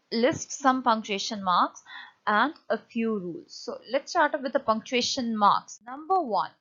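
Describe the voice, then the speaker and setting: A woman teacher giving a lecture on punctuation, often pausing and restarting as she explains. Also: medium pitch, a bit bright, muffled recording. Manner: hesitant, many fillers and restarts while explaining.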